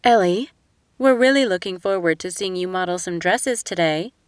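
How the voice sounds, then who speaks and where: A woman's voice: fairly low pitch, moderate pace, clean tone, no echo, clean studio sound, close to an everyday voice. A woman voicing a friendly, polished wealthy mother.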